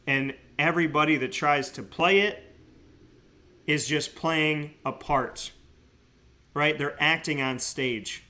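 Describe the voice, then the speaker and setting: A man hosting a talk show segment, telling stories with excitement and sincere, earnest thanks. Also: medium pitch. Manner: excitable, laughing storyteller, then quiet and earnest. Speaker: radio show host.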